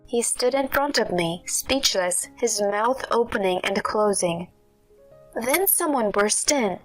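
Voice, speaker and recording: A woman reading a scripted first-person story in a steady storytelling manner. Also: medium pitch, takes it slowly, faint music behind, rough recording. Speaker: narrator. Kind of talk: scripted narration.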